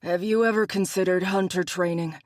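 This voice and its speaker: A man's voice: sits high, fairly even intonation, fairly quick, no echo, close to an everyday voice. An audiobook narrator voicing a wry, teasing male bear-shifter hunter with a dry, needling manner, in a dry recording.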